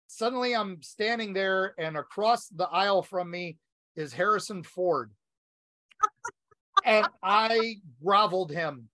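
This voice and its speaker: A man's voice: high voice, fairly bright tone, no echo. A man co-hosting a podcast in casual chat, telling stories with lots of ums and you-knows. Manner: rambling storyteller, many ums and you-knows. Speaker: podcast co-host.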